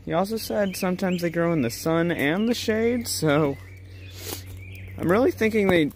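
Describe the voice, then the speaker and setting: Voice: mid-range voice, normal speed. A vlogger rambling and joking to viewers while hiking through the woods, filmed on a handheld camera. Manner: giggly, joking, talking to viewers. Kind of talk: rambling solo hiking vlog. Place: outdoors in woods. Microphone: handheld camera mic. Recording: clear outdoor nature noise.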